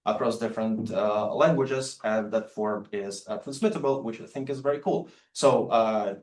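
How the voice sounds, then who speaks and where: A man, a non-native English speaker, giving an academic lecture on poetic forms with many halting fillers and restarts. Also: lowish voice, darkish tone. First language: Latvian. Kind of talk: public lecture with poetry readings. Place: lecture room. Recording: roomy lecture hall sound.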